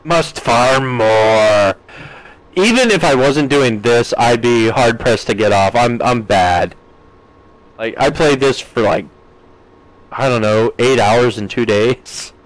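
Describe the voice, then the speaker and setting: American male game streamer, 30s, mid-pitched, chatty and joking, dry close mic. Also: slow, no room sound, poor audio. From United States. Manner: chatty, reads chat aloud with playful jokes. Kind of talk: live-stream chat.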